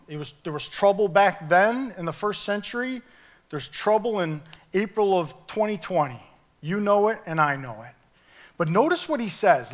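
High-voiced, animated man preaching. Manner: animated, emphatic preaching with rising peaks. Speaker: pastor. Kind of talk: sermon.

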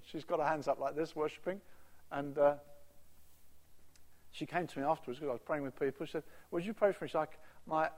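A man preaching a sermon, telling stories and acting out quotes, building to loud emphatic peaks. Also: fairly high pitch. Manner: animated storytelling, voice rising to loud emphatic peaks. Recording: reverberant hall, voice at times off-mic.

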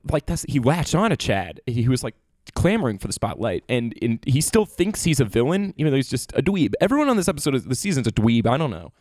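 A man's voice: medium pitch, very animated, quick pace, few pauses, darkish tone, no room sound, studio quality. A man co-hosting a podcast in casual chat, joking and insisting on his theories. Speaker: podcast co-host.

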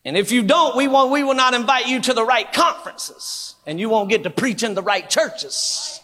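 A man preaching a Pentecostal sermon in a church, fervent and rhythmic, building to shouts with repeated phrases. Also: extremely high pitch, lively intonation, moderate pace, long reverb tail. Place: church sanctuary.

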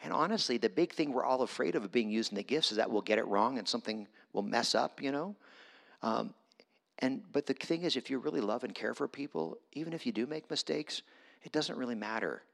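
A man's voice: mid-range voice, animated, fairly quick, gravelly, fairly bright tone. A middle-aged man giving a conversational storytelling sermon as a guest preacher, self-deprecating and acting out his own quotes. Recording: long hall reverb with music.

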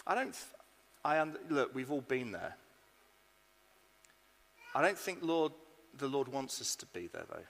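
A man's voice: medium pitch, unhurried, creaky, pauses often. Man preaching in a reverberant hall. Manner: earnest, building to bursts of excitement. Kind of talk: sermon. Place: church hall.

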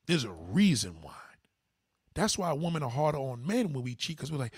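Very animated at a moderate pace, a livestream host with a slightly rough voice preaches blunt, profane advice to his viewers in a casual way, mimicking others in a higher pitch. The recording is dry and studio quality.

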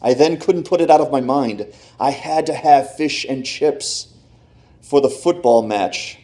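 A man reading a short tale aloud in an attempted English accent, slowing over the slang words. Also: mid-range voice, darkish tone, close to an everyday voice. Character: man telling a mishap tale in a mock British accent. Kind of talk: read-aloud story in a put-on accent.

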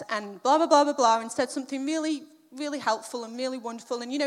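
A woman's voice: high-pitched, fast talker, few pauses, fairly bright tone. A middle-aged woman giving a chatty, self-deprecating sermon built around a personal story, acting out the quotes. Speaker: preacher.

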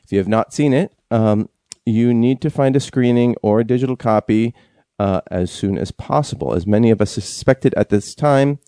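A man co-hosting a casual podcast, talking haltingly with lots of fillers and restarts. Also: mid-range voice, warm tone, no echo, studio quality. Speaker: podcast co-host.

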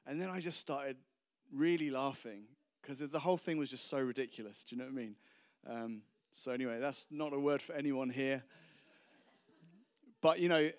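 A man's voice: mid-range voice, normal speed. A man preaching a casual, humorous sermon, rambling and self-deprecating between anecdotes.

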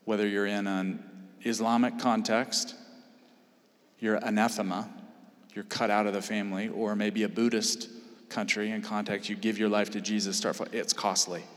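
A man's voice: lowish voice, little pitch movement, normal speed. A man preaching a sermon in earnest, building to emphatic peaks. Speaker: pastor. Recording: long hall reverb.

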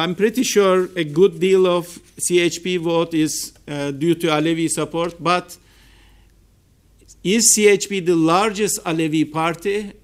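A man with a Turkish accent presents research at a seminar. His voice sits a little high for a man. He speaks slowly and deliberately, pausing on fillers as he works through his points. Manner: measured, hesitant with frequent fillers. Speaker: political science researcher. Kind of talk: academic seminar talk. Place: seminar room.

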